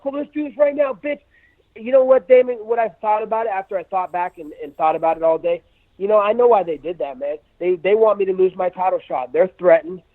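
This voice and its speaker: Man, brash, profane, high-pitched, dry phone sound. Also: dry recording. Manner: brash, profane trash talk; acts out quotes in raised voice. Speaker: MMA fighter, guest. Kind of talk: phone interview. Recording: dry tinny phone line.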